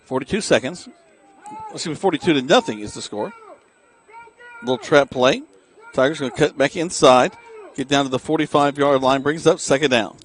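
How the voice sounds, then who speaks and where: A man giving quick, dry play-by-play of a high school football game for radio, from outdoors at a stadium. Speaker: play-by-play announcer.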